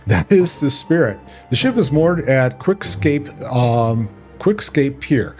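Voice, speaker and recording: A man's voice: mid-range voice, big pitch swings, slow pace, darkish tone, soft background music. A man voicing a blunt, mercenary male pirate captain from a video game, reading the lines aloud boldly. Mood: gruff. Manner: bold, boastful, reads game lines aloud with small stumbles.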